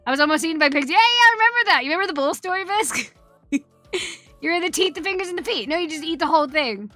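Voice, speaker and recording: High-pitched woman streamer, swears a lot, rambly storytime w chat, laughs a bunch. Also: expressive, fast, pushed and bright, dry recording, soft background music. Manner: profane, rambling storyteller who laughs often and greets chat. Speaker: Twitch streamer.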